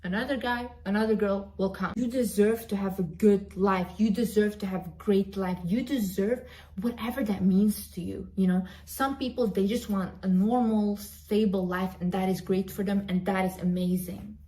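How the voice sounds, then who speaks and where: A woman's voice: mid-range voice, fairly even intonation, moderate pace, warm tone. A woman vlogger giving an emphatic, repetitive motivational pep talk straight to her viewers. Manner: emphatic, repetitive, direct address.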